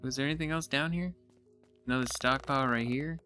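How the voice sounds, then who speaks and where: A man giving casual let's-play commentary, excitable and thinking aloud as he explores, now and then poking fun at himself. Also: mid-range voice, fairly quick, soft background music. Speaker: gaming YouTuber.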